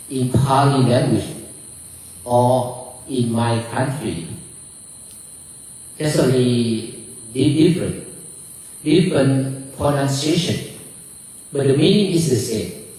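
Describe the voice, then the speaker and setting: A man who is a Buddhist monk, giving a dharma talk and answering questions in a halting way, often repeating words as he searches for them. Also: mid-range voice, darkish tone. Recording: very echoey room, distant mic.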